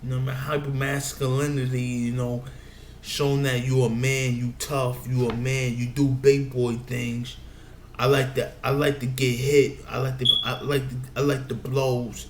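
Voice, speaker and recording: A man's voice: medium pitch, little pitch movement, measured pace. A man giving advice in a meandering casual monologue, often saying "you know what I'm saying". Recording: echoey room with faint background noise.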